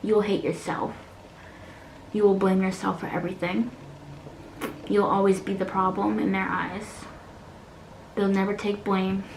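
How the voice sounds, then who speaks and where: A woman, talking earnestly and haltingly in a personal vlog, close to tears and sometimes dropping to a soft whisper. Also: medium pitch, level tone, vocal fry. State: near tears. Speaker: beauty vlogger. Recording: echoey room with faint noise.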